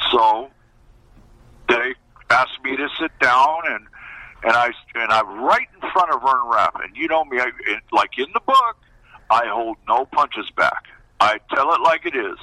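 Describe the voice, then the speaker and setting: An older man, a former baseball pitcher, telling stories from his playing days in an interview and acting out the dialogue with lively voices. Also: a little slow, pauses often, no room sound, poor audio. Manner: animated, acts out quoted dialogue. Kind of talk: storytelling interview.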